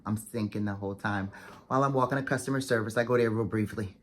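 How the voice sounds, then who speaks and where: A woman vlogger telling a story to the camera in a chatty, fast, animated way, full of "like"s and acted-out quotes. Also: rumbling low, slight background noise. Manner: chatty, fast-talking, animated retelling with many "like"s.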